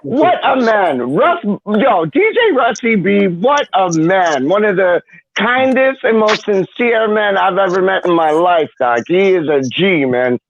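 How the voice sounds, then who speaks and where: A man's voice: sits high, animated, a little slow, creaky, no room sound, highs cut off. A man on a livestream, chatting casually with lots of slang and enthusiasm, repeating his phrases for emphasis. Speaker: livestream guest. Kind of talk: casual chat.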